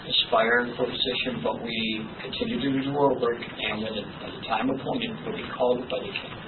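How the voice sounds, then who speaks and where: A man in a Bible class answering the pastor quietly and haltingly. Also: medium pitch, flat delivery. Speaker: class member. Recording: distant, tinny and noisy.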